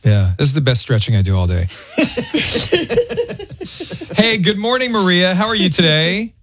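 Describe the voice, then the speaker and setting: A man's voice: sits high, very animated, a little fast, fairly bright tone, a little hiss or hum. A man hosting a morning radio show, teasing his co-hosts and callers in casual banter. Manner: playful, teasing, leads the banter. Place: radio studio.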